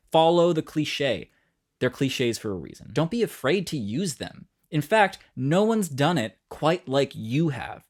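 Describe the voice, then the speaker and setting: A man from New York giving an unscripted, encouraging songwriting lesson straight to the viewer. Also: mid-range voice. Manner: energetic, encouraging, talks directly to viewers. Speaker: music teacher.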